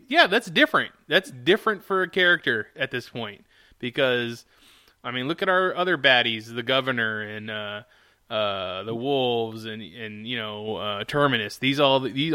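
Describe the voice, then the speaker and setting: Bright-voiced man ranting casually. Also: mid-range voice. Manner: animated, ranting, swears freely. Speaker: podcast co-host. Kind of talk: casual chat.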